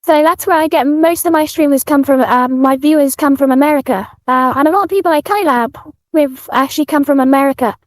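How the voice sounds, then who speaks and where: A British woman with a high, light voice talks gently in a relaxed interview. She drifts through "um"s and restarts as she thinks aloud. The close mic leaves her sound dry and near. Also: fairly quick, dry recording. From United Kingdom. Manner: soft-spoken, many fillers and restarts. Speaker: guest streamer. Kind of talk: casual interview chat.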